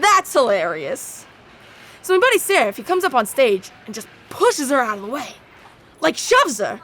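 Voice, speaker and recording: A woman performing a theatrical monologue as a rowdy young adult, telling crude bar stories. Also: sits high. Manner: animated, brash storytelling with crude asides. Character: rowdy young adult bragging about wild bar nights.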